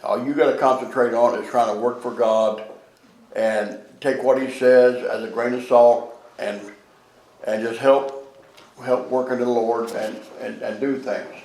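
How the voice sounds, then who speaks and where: An older man in a church seniors' group telling casual stories in a halting way, full of fillers and restarts. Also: medium pitch, steady tone, darkish tone, roomy sound, poor audio. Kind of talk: casual storytelling in a group discussion.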